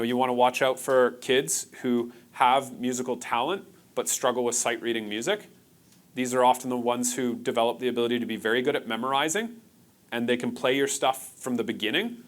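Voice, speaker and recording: Male presenter, mid-range voice, relaxed and engaging, speaking to a room full of attendees at a conference workshop. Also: mid-range voice. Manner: casual, engaging, jokes with the audience. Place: conference room with live audience.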